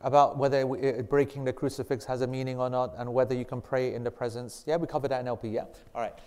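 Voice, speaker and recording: Smooth and steady, this man's medium-pitched, darkish voice moves at a quick pace. He teaches a casual Islamic class, teasing and joking with his students while rambling, with long hall reverb on the recording.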